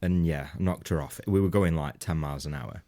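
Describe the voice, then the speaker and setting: A man's voice: extremely low pitch, brisk, mellow. A man co-hosting a comedy podcast, telling a rambling anecdote in casual banter, laughing often and swearing freely. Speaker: podcast co-host.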